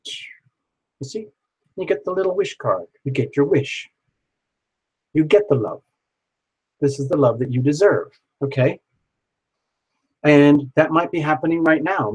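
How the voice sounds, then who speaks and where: A man hosting a live tarot reading stream, speaking directly to viewers by name and leading them through gentle repeated affirmations. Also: on the high side, breathy edge, rough recording.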